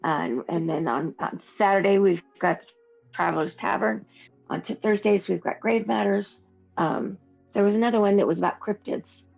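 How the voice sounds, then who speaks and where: A woman co-hosts a casual horror podcast, rambling and restarting as she goes. Her voice has a gravelly fry, and the audio is dull and lo-fi with faint music underneath. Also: medium pitch, moderate pace, a little mellow. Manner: rambling, with many restarts and fillers. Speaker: podcast co-host. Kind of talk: casual chat.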